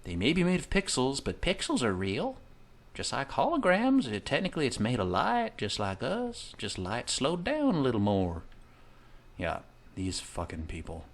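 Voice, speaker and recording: A man's voice: medium pitch, huge pitch swings, normal speed. Swearing jokey gamer man in his thirties. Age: 30s. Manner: profane, jokey, rambling asides. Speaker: video game streamer. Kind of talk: comedic let's-play commentary.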